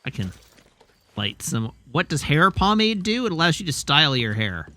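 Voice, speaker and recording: A man's voice: on the high side, big pitch swings, moderate pace, pushed and bright. A man streamer giving casual gameplay commentary with wry, self-amused asides. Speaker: let's play streamer.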